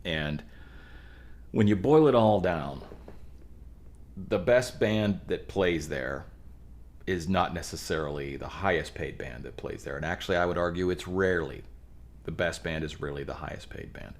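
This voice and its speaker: A man from the Pittsburgh area, a musician guest on a podcast, telling band stories in an animated, rambling way with frequent restarts. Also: deep voice, normal speed. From Pittsburgh area, USA. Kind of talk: casual chat.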